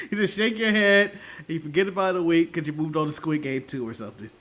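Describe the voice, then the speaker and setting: A man's voice: a little high, a little fast. A man from the United States co-hosting a wrestling podcast, chatting casually and laughing a lot as he jokes. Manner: laughs often, animated, joking. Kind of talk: casual chat.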